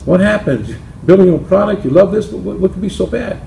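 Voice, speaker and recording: A man's voice: high-pitched, lively intonation, fast, gravelly, warm tone, a little hiss or hum, voice pushed up, full character voice. A man voicing a golfer's middle-aged wife, asking worried questions. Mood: concerned. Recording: roomy with faint ambience.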